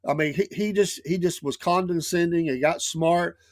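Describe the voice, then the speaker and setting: A man's voice: on the high side, normal speed, no room sound, studio quality. A middle-aged man with a Southern US accent, hosting a live show and telling long rambling stories with many restarts. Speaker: show host. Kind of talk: casual storytelling talk.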